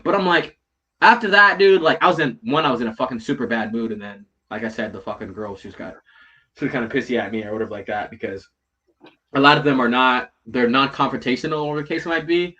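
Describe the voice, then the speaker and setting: A man casually telling a story, swearing a lot, tagging lines with "right?" and "bro", rising loud in the heated parts and dropping low in the asides. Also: quick pace, muffled recording. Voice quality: heavy swearing, slangy, repeats "right?" and "bro". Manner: animated, swings from loud retelling to low mutters.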